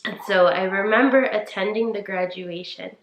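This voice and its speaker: A woman in her twenties co-hosts a podcast, her medium-pitched voice moving at a moderate pace over slight background noise in an echoey room. She offers casual, heartfelt advice in an earnest way, saying "like" a lot and talking straight to listeners, whom she calls "you guys."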